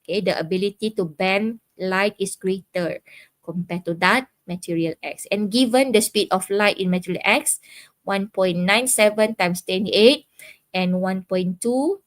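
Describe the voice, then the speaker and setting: A woman's voice: medium pitch, a little slow, dry recording. Malaysian lady teacher going thru physics step by step, says okay a lot, mid voice, dry close mic. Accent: Malaysian English. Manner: patient, explains step by step with frequent okays. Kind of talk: live online physics lesson.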